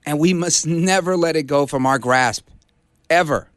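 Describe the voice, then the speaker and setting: A man's voice: fairly high pitch, moderate pace, no room sound, clean studio sound. A man hosting a talk radio show, delivering an emphatic, preachy rallying monologue. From Brooklyn, USA.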